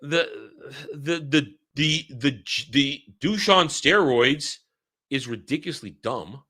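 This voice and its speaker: A man's voice: medium pitch, expressive, takes it slowly, bright, forceful tone, breathy edge. A man giving a blunt, exasperated film review, swearing freely and repeating himself for emphasis.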